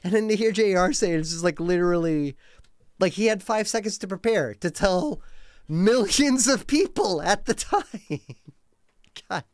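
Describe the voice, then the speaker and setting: A man in his thirties rambles through a casual live-stream chat, cursing freely and tossing in plenty of likes and uhs. His voice swings widely up and down in pitch as he talks. The sound is dry, with no room echo. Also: normal speed. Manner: rambling, animated, swears freely, many fillers.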